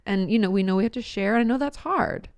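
A woman therapist on a podcast, explaining calmly and reassuringly in casual chat. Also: medium pitch, fast, clean tone, no room sound. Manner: calm, explanatory, gently reassuring. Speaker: therapist guest.

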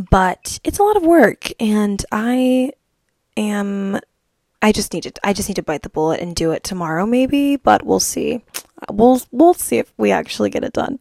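Brief: chatty woman solo-podcast host, bubbly and rambling, mid pitch, dry close sound. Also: darkish tone, no room sound. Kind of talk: casual solo podcast chat.

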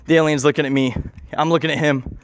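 A man's voice: fairly high pitch, fairly even intonation, fast. A man improvising a rambling comic story, often interrupting himself and swearing casually.

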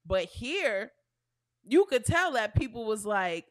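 A woman's voice: fairly high pitch, sing-song, slow, no echo, studio quality. A woman chatting casually as a podcast co-host, explaining her point and retelling conversations. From New York. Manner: conversational, explaining with reported dialogue. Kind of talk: casual chat.

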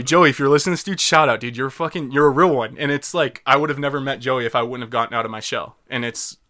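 A man's voice: medium pitch, fast talker, pushed and bright. A young man hosting a casual podcast, chatting loosely with friends, swearing and laughing often. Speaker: podcast host.

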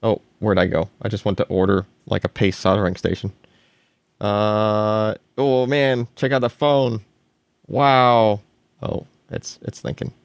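A man hosting a casual tech podcast, animated and laughing often, with frequent restarts. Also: lowish voice, measured pace, gravelly, dry recording. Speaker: podcast host.

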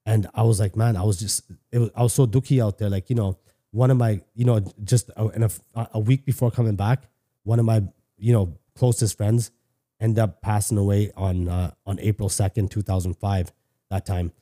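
Speaking at a moderate pace, a middle-aged man from Canada uses a warm, somewhat low voice with fairly even intonation. He's a podcast guest telling a personal story in an open, casual way, swearing often and restarting sentences again and again.

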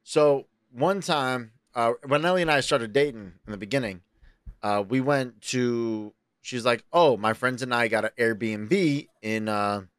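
A man from New York co-hosts a casual podcast chat, telling rambling stories full of swearing. His voice sits in an ordinary middle range and leaps up high whenever he acts out his own panic. The sound is dry and close, with no room in it. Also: a little slow, smooth, dry recording. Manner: animated, profane, jumps into high excited voices when quoting himself. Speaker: podcast co-host.

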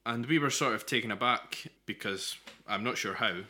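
Scottish man with a bright, forceful voice. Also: mid-range voice, moderate pace. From Scotland. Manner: rambling anecdotal, dry humour. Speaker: podcast co-host. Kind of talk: casual storytelling chat.

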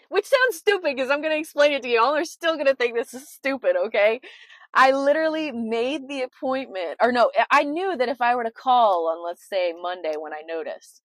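Young woman, podcast host, dramatic, expressive, swears a lot, dry close sound. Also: a little high, a little fast, dry recording. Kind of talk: casual confessional chat.

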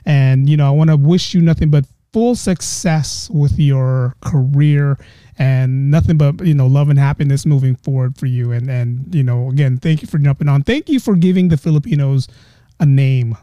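A middle-aged man from the Bay Area hosting a casual podcast interview, effusive with thanks and quick to laugh. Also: mid-range voice, warm tone, no echo. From San Francisco Bay Area. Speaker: podcast host.

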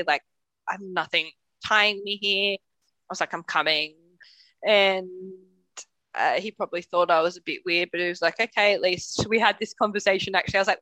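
A young woman co-hosts a podcast and tells personal stories in a candid, chatty way, swearing freely and laughing as she goes. Her voice is bright and forward, at a middle pitch. The sound is close and dry. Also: no echo. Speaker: podcast co-host. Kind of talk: casual storytelling chat.

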